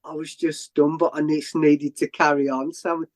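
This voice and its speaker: A man's voice: fairly high pitch, little pitch movement, normal speed. A man, a guest on a podcast, telling a story in a casual, rambling way, with many restarts and fillers. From England. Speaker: interview guest.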